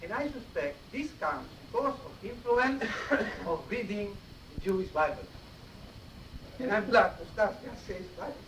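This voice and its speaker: A man's voice: high voice, expressive, measured pace, a bit bright. A man giving a mosque sermon in a teacherly way, often checking his listeners with short questions, on an old cassette tape. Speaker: preacher giving a Friday sermon. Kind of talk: explanatory sermon. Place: mosque hall. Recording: roomy, distant 1980s cassette tape with faint hiss.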